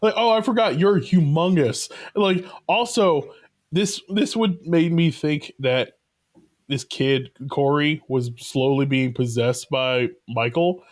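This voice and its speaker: A man's voice: on the high side, slow pace. A man co-hosting a casual movie podcast, laughing often and acting out characters in put-on voices as he talks. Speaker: podcast co-host.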